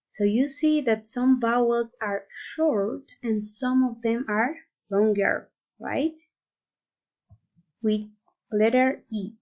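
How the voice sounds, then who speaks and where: Woman doing a slow careful english pronunciation lesson, stretches out the vowels, warm low-key voice. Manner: deliberate, drawn-out modeling of vowel sounds.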